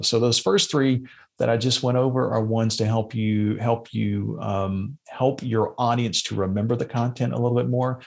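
Gravelly low-voiced man hosting a podcast. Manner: conversational with frequent fillers and restarts. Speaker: podcast host. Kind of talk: casual instructional podcast talk.

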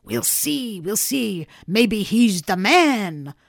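A woman's voice: mid-range voice, very animated, very slow, creaky, dry recording, studio quality, full character voice. A woman reading aloud, voicing a jovial, teasing man who cracks jokes in playful banter. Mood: hearty.

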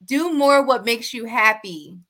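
A woman's voice: a little high, expressive, a little slow, fairly bright tone. A woman coach on a panel, telling her own story in an earnest, personal way. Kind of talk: panel chat.

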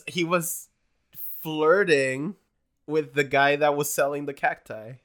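A woman's voice: sits low, fairly even intonation, slow. A woman co-hosting a podcast, chiming in casually with short agreeing replies and laughs. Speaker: podcast co-host. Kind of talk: casual chat.

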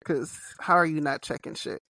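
An actor guest on a podcast, chatting in a blunt, laid-back way. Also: male voice, a little high, normal speed, sharp tone, dry recording. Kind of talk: casual chat.

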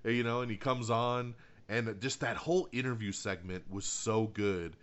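A man with a lowish voice chatting casually and retelling a film scene by scene. He gets worked up, acts out the quotes and laughs as he goes. The recording is dull and lo-fi. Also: moderate pace. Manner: animated storyteller, acts out quotes, laughs often, swears. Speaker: podcast co-host reviewing a film. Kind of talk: casual chat.

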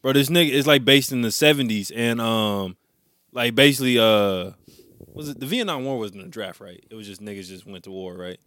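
A man's voice: mid-range voice, brisk, a bit bright, no room sound, studio quality. Slangy young man retelling a movie. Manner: rambling storyteller, heavy slang, acts out quotes. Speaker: podcast co-host. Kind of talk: casual chat.

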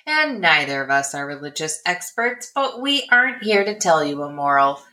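A woman co-hosting a casual comedy podcast, talking in a playful way with deadpan asides. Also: low-pitched, moderate pace. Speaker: podcast co-host.

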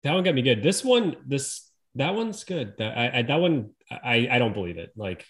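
A man's voice: mid-range voice, animated, moderate pace. A man co-hosting a podcast in casual chat, restarting his sentences often and swearing for emphasis. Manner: stammering restarts, profane emphasis. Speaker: podcast co-host.

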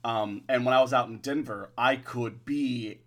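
A man's voice: mid-range voice, normal speed. A man who works as a bartender, a guest on a podcast, telling an easygoing story in casual chat.

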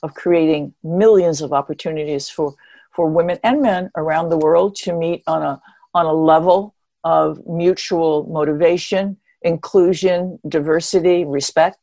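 A woman in her seventies, an interview guest and former marathon runner, telling stories in an animated, expressive way with wry humor. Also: deep voice, normal speed, no room sound. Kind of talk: conversational storytelling.

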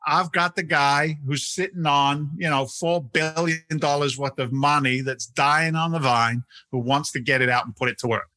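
A middle-aged man from England speaks with a London accent blended with American. His tone is bright and forceful, and he repeats words and restarts sentences as he talks. The sound is dry and close. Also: a little high, steady tone, normal speed, few pauses, no echo. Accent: London English mixed with American. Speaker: real estate investment CEO, guest. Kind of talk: casual podcast interview.

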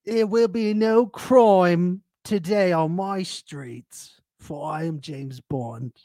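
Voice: medium pitch, slow, mellow, no echo, studio quality, pitched above the performer's own voice, natural voice. A host putting on a cocky British bloke. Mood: boastful. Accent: put-on British. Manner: boastful and theatrical. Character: swaggering British bloke posing as a secret agent.

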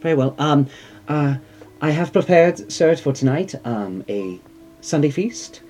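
A man's voice: fairly high pitch, very animated, measured pace, warm tone, voice pushed up. A man voicing a fussy, polite female housekeeper who apologizes a lot, with faint music underneath. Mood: dutiful. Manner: flustered, apologetic, overly polite.

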